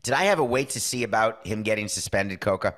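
A man's voice: lowish voice, animated, a bit bright. A middle-aged man hosting a sports podcast, talking casually and opinionatedly and acting out little bits of dialogue. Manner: opinionated, acts out dialogue in quick asides. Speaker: podcast host. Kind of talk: casual sports talk monologue.

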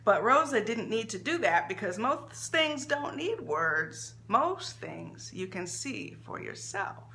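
A woman author reading her own short story aloud in an expressive, measured storytelling manner. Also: medium pitch, a little hiss or hum.

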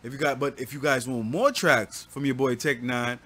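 A man's voice: mid-range voice, fairly even intonation, normal speed, fairly bright tone. A man talking off the cuff about a track he just heard on his reaction channel. His speech is slangy and full of swearing. He rambles and restarts his sentences, leaning on filler phrases. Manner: slangy and profane, heavy fillers; rambling, repeats himself. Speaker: music reaction host. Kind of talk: casual reaction commentary.

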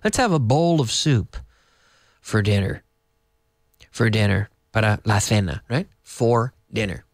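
Man, online lesson, lively pitch, dry sound. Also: no echo. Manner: lively, explains slowly with repetition and Spanish glosses. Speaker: English teacher. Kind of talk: casual online English lesson for Spanish speakers. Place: in Madrid.

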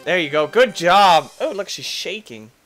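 Excitable, high-voiced gaming guy. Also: soft background music. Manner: excitable, goofy, quick to laugh and yell at the game. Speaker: gaming YouTuber. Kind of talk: let's play commentary.

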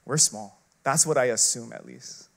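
A man preaching a sermon as an associate pastor. He talks conversationally, using lots of filler words and rhetorical questions. He swings between loud, emphatic bursts and quiet, hushed passages. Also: mid-range voice, moderate pace, gravelly.

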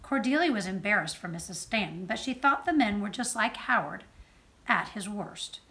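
A woman judge reading a children's book aloud with expressive storytelling. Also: mid-range voice, normal speed. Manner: expressive storytelling, softer on narration tags.

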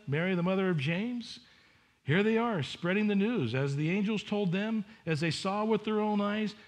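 A male pastor delivering a sermon, his voice sitting a little high for a man. He reads scripture aloud and breaks into animated voices for the people in the story, rising and dropping as he goes. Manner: animated, acts out voices of the women and disciples.

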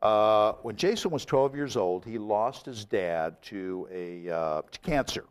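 A man hosting a casual talk show, animated and jokey, often breaking into laughter. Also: lowish voice, measured pace, clear, resonant tone. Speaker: host. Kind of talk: casual chat.

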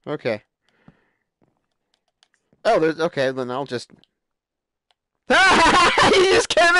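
A man hosting a live stream, chatting excitedly and laughing as he plays a game. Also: high-pitched, slow, long pauses, clear, resonant tone. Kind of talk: casual gameplay commentary.

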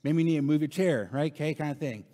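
A man's voice: a little high, quick pace, warm tone, big-room sound. A man in his thirties preaching a sermon in a casual, conversational way, often tagging "right?" and repeating lines for emphasis. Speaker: pastor. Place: church sanctuary.

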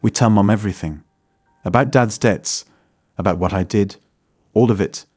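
A man's voice: on the low side, moderate pace, a little mellow, soft background music, lightly acted. A man voicing a determined young woman who speaks firmly and angrily. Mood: firm angry. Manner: firm, angry.

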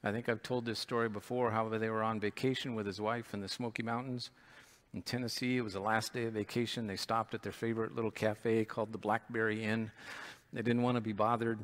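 A man's voice: lowish voice, level tone, a little fast, a bit bright. A man pastor giving a sermon in church, earnest and storytelling.

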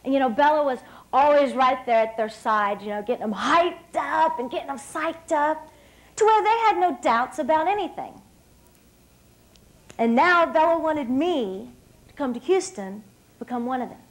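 A high-pitched woman in her thirties, from West Virginia, speaks from a dinner stage. She tells her story in a bright, energetic way, often laughs, and turns straight to the audience. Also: moderate pace, rough recording. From West Virginia, USA. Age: 30s. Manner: lively storyteller, often laughing, addressing the crowd directly. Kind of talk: motivational speech to an audience. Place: stage at an evening dinner event.

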